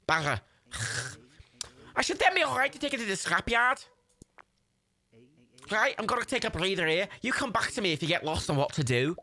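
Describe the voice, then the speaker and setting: A man voicing a scheming male scrap scavenger with a put-on Liverpool accent, loud and wheedling. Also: high voice, very animated, normal speed, long pauses, pitched above the performer's own voice, heavily acted. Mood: coaxing.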